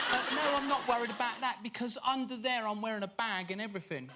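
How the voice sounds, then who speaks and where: A man with an English accent, a comedian guest on a chat show, clowning with silly jokes and laughing. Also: very high-pitched. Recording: loud studio audience laughter and noise.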